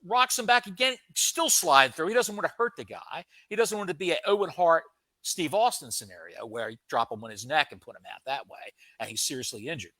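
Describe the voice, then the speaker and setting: Animated high-voiced man telling stories. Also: no echo. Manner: animated, comic storytelling with dramatic pauses. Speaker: podcast co-host. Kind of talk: casual storytelling.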